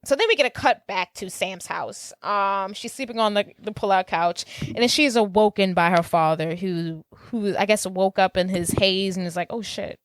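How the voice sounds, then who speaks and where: Podcast co-host, woman, mid pitch, chatty recap voice, dry close sound. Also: normal speed, few pauses, no room sound. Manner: chatty, retells scenes with lots of "like". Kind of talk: casual movie recap chat.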